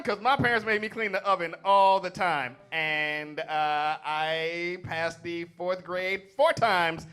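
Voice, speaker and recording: A man's voice: on the high side, slow, hardly any pauses, pushed and bright, smooth. A man hosting a stand-up show from the stage, bantering playfully with the crowd between acts. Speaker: comedy show host. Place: comedy stage. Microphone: stage mic.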